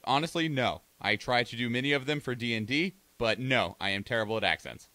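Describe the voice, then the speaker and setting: A man co-hosting a podcast in casual chat, briskly moving things along. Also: medium pitch, pushed and bright, no echo. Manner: brisk, moves the show along. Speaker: podcast co-host.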